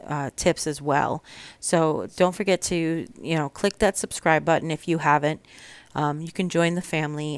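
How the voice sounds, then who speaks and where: A woman's voice: low-pitched, clear, resonant tone, no echo. A woman with a Long Island accent, talking casually through a home DIY project in her kitchen, chatty with frequent ums and restarts. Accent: Long Island New York. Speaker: DIY vlogger. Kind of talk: casual crafting vlog.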